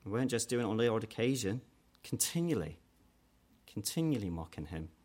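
A man preaching a sermon in an earnest way, growing louder and higher when he voices quoted challenges. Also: sing-song, a little fast. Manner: earnest, rises in pitch and force when quoting mockers.

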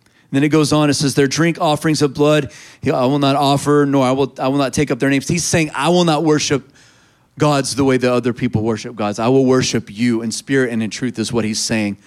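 A man's voice: medium pitch, fairly even intonation, a little fast. A man preaching a sermon, reading scripture aloud and urging the congregation to respond. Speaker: pastor.

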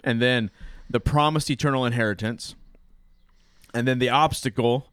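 A man's voice: mid-range voice, moderate pace, fairly bright tone, smooth, no room sound, clean studio sound. An American man, a pastor, talking about his sermon in a rambling, self-interrupting way and laughing often. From United States. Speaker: pastor and preacher. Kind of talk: casual chat.

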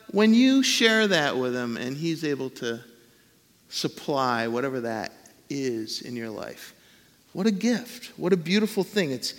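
A man's voice: fairly high pitch, a bit bright, in a large hall. A man preaching a sermon as pastor in a conversational way, acting out the voices he quotes.

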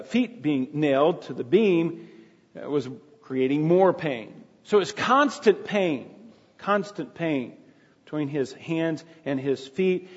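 A man's voice: fairly high pitch, a little mellow, breathy edge. A man preaching a sermon, retelling a story in a plain storytelling way with frequent restarts. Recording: dull echoey hall.

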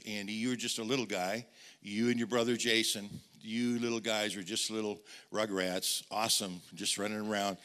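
A middle-aged male pastor preaching an animated storytelling sermon, often repeating words and speaking straight to the congregation. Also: fairly low pitch.

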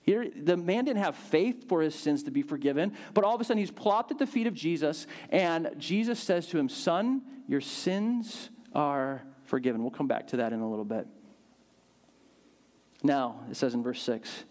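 A man preaching a sermon, telling a Bible story in a lively way and acting out the quotes with big swings in his voice. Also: fairly high pitch, moderate pace. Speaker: pastor.

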